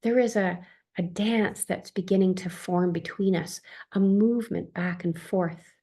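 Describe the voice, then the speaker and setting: A woman calmly reading her own first-person account as a therapist, in a soft, tender manner. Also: fairly low pitch, unhurried, slightly rough.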